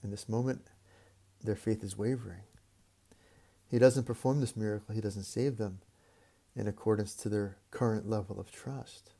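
A man preaching a reflective sermon, speaking in a measured way with repeated phrases and long pauses. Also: on the low side, fairly even intonation, creaky, mellow.

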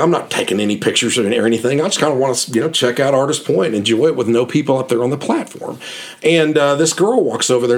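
A middle-aged man hosting a podcast, telling stories in a casual, rambling, enthusiastic way. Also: medium pitch. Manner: rambling, enthusiastic, repeats words and restarts. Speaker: podcast host and guidebook author. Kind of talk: casual storytelling monologue.

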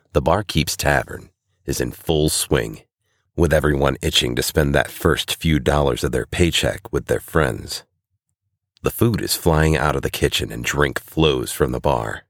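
A man giving scripted story narration in an even, deliberate way. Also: very deep voice, vocal fry, no room sound, clean studio sound.

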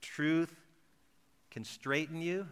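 A man's voice: steady tone, slow, smooth. A man preaching a sermon in a conversational way, acting out imagined dialogues and often repeating words as he restarts. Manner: acts out imagined dialogues in softer, lower voices. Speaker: pastor.

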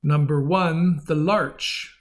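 A cheerful, dryly joking explorer, as a male narrator plays him. He meets strange things with deadpan humor, in a fairly high male voice for an audiobook. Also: takes it slowly. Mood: wry. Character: cheerful, wry human explorer. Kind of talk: audiobook character voice.

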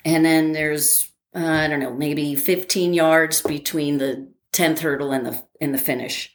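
An older woman recalls events in a relaxed interview, her voice sitting a little low for a woman. She tells it with animation, stops and starts with plenty of fillers, and laughs at her own story. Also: measured pace. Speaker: interviewee, former academy track athlete.

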